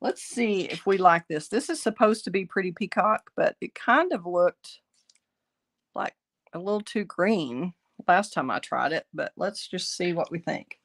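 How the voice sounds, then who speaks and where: A middle-aged woman, raspy from bronchitis, chatting through a card-making tutorial as she works. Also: fairly low pitch, animated, a little slow. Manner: chatty, thinking aloud while working. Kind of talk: casual craft tutorial.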